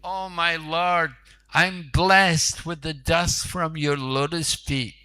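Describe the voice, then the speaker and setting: Storytelling preacher man voicing a devoted disciple; fervent, bright, unhurried. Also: fairly even intonation, smooth. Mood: humble. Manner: fervent, raised pitch. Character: devoted, humble male disciple.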